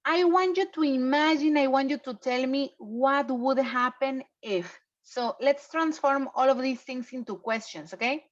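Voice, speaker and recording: A woman's voice: high-pitched, a little slow, hardly any pauses. A woman teaching an online English review class, patiently checking in with her students. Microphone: video call. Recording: muffled lo-fi online class audio.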